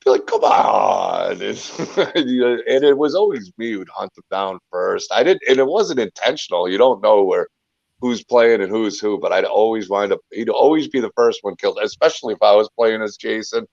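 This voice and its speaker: A low-voiced man with a gravelly, creaky edge rambles through a casual chat as a guest. He talks on and on and trips over his own restarts. The sound is dry and dull, like a lo-fi call. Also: fairly quick, a little mellow, dry recording. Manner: rambling, talkative, full of restarts. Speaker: guest, filmmaker and YouTuber.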